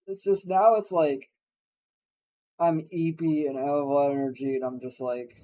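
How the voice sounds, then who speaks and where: A man's voice: fairly high pitch, fairly even intonation, normal speed, mellow, slight background noise, low-quality recording. A young man streaming a game live, ranting and swearing constantly at what happens on screen. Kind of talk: live gaming commentary.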